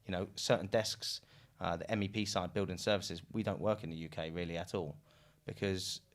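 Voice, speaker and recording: A British business founder talks at a rapid clip in a low voice. He is loose and chatty, laughs easily and swears now and then. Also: fairly even intonation. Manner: fast, loose, swears casually, laughs often. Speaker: recruitment business founder, podcast guest. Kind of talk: casual business podcast chat.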